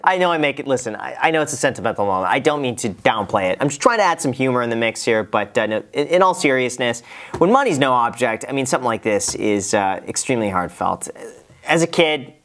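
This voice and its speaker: A man's voice: mid-range voice, expressive, quick pace, fairly bright tone. A man, giving casual, joking reaction commentary with chuckles and restarts. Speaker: host reacting to a video.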